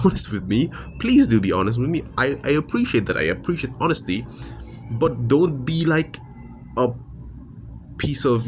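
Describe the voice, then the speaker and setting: A man's voice: mid-range voice, slight background noise. A man talking straight to camera in a personal confessional monologue. He is emotionally raw and frustrated, and his speech halts with many restarts and fillers. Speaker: vlogger.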